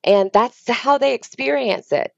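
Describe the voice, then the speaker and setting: A woman's voice: a little high, expressive, unhurried, creaky, darkish tone, no echo, highs cut off. A woman therapist giving explanatory advice over a video call, with frequent ums. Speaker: therapist guest. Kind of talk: remote interview conversation.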